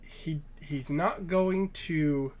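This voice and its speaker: A man describes his character's actions in an online tabletop game, speaking slowly and carefully. He pauses often and thinks as he talks, in a mid-pitched voice. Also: darkish tone. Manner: deliberate, thoughtful, with pauses and fillers. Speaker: player. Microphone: online voice call.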